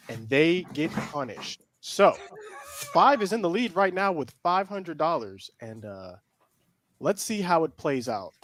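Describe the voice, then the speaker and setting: A man's voice: high voice, a bit bright, a little hiss or hum. A man hosting a casual sports show over a video call, with upbeat announcer-like introductions. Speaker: host. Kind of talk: casual sports podcast chat.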